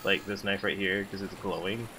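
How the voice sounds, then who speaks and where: Low-voiced man rambling over a game. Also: little pitch movement, moderate pace, background noise. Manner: rambling, joking asides. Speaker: gamer. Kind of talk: let's-play commentary. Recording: loud game sounds behind.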